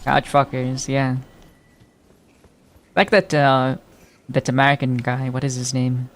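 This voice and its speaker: A man's voice: mid-range voice, fairly even intonation, takes it slowly, a little hiss or hum. A man streaming a game, chatting casually, teasing his viewers and laughing often as he reacts to chat. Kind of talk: casual live-stream chat while playing.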